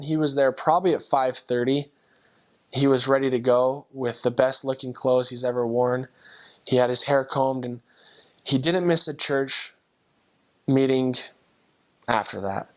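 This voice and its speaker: A man's voice: medium pitch, fairly bright tone. Earnest man telling a heartfelt testimony. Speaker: former missionary. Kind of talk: personal faith testimony story.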